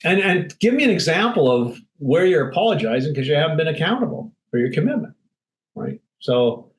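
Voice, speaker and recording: A man's voice: fairly high pitch, very animated, fairly quick, rough recording. Blunt, emphatic man. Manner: blunt, emphatic, acts out quotes. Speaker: guest speaker. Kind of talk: candid interview talk.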